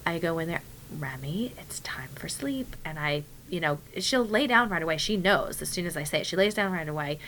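A woman's voice: on the low side, fast, few pauses, a bit bright, slight background noise. A young woman chatting casually as a podcast co-host, telling a story animatedly and acting out her own whispered and spoken quotes. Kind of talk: casual chat.

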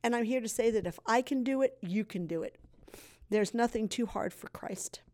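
A woman in her sixties sharing her personal testimony as a guest, earnest and emotional, speaking with deep faith. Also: normal speed, a little mellow. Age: 60s.

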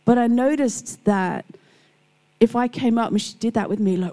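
Woman, middle-aged, Christian devotional talk, gravelly voice, mellow tone, story-driven. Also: fairly high pitch, moderate pace, poor audio. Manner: warm storytelling, acts out quoted people. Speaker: Christian speaker. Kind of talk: devotional talk with personal stories.

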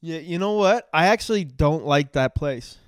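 A man's voice: on the high side, animated, moderate pace, clean tone, no echo, clean studio sound. A man co-hosting a podcast in casual chat, profane and punchy, with mock-outraged rants full of "bro" and "dude". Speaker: podcast co-host.

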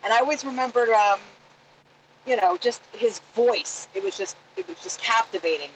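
A woman co-hosting a casual chat, warm and chatty, laughing easily and searching for words. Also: fairly high pitch, animated, moderate pace, slight background noise, rough recording. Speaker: co-host.

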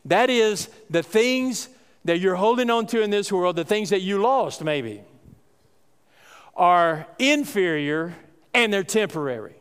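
A man's voice: high-pitched, lively intonation, unhurried, clean tone. A man preaching a sermon as pastor, folksy and emphatic, his voice rising on key points. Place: church sanctuary. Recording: reverberant church hall.

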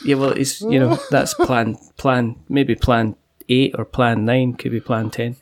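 A man's voice: mid-range voice, level tone, a little slow, a little hiss or hum. A man, from the UK, chatting as a podcast host in a rambling, laughing way. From United Kingdom. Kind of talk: casual podcast chat.

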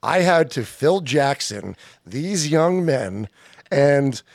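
A man guest on a casual podcast, telling stories in a lively way and acting out what others said. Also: mid-range voice, slow, gravelly, no room sound, clean studio sound. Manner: lively storyteller acting out quotes. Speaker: guest, director and author.

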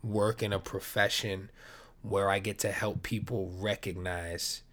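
A man's voice: fairly low pitch, level tone, a little slow, fairly bright tone. A man hosting his own podcast, talking alone in a rambling, laid-back way, with plenty of swearing as he tells stories. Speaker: podcast host. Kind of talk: casual solo podcast monologue.

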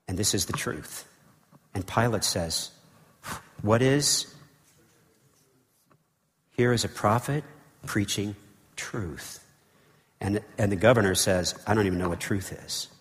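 A man preaching from the pulpit in a low voice, pressing his points with repetition and breaking into casual asides. His voice carries a long reverb from the church hall. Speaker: pastor. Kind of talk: sermon. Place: church sanctuary.

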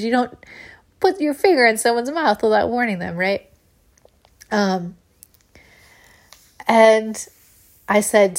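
Animated woman telling a personal story. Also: mid-range voice. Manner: animated, laughs often, addresses listeners as y'all.

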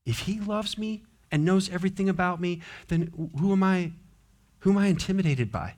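A man, pitched a bit higher than most men, preaches in a loose, conversational way. He slips into quoted voices and little acted scenes as he goes. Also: normal speed, a little mellow. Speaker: pastor. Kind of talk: sermon.

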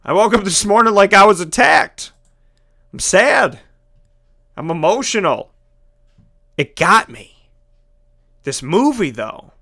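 A man with a high, bright voice talks through an excited, casual monologue as an entertainment broadcaster. He is animated and emphatic, swinging his delivery dramatically from hushed to loud. The tone is crisp and forward throughout. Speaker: broadcaster and entertainment show host.

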